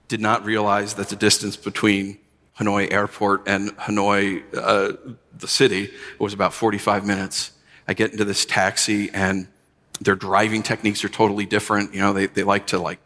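A man preaching a sermon as pastor, telling stories and rising to animated emphasis. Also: lowish voice, in a large hall.

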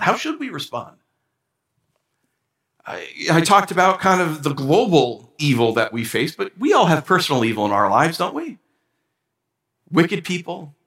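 Male pastor, sermon, lively swinging pitch, echoey church hall. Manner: animated, voicing complaints to God in a rising pitch.

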